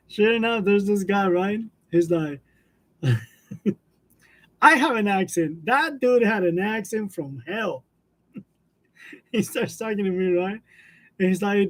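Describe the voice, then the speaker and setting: The host of a graphic design channel chats casually with his livestream viewers, telling loose stories and chuckling between nearly every sentence. His voice is high-pitched, with a measured pace and long pauses, picked up by a wireless lavalier mic.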